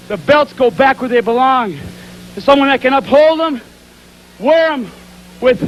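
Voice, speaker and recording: A man's voice: extremely high pitch, slight background noise, low-quality recording. A man, a pro wrestler, cutting a boastful, threatening promo interview.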